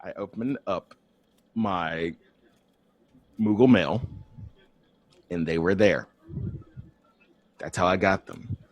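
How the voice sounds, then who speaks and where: A man's voice: low-pitched, slow, pauses often, dry recording. A man cohosting a casual gaming podcast, defensive and exasperated, swearing as he laughs things off.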